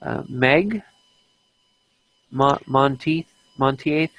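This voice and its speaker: A man's voice: mid-range voice, extremely slow, a bit bright, no room sound, low-quality recording. A man hosting an unplanned live stream, chatting casually and often stopping to restart his sentences.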